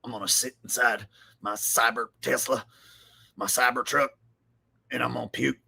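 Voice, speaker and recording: A man doing an impression of a defeated middle-aged male talk-radio host, whimpering and rushed. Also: medium pitch, steady tone, creaky, pushed and bright, breathy edge, exaggerated voice.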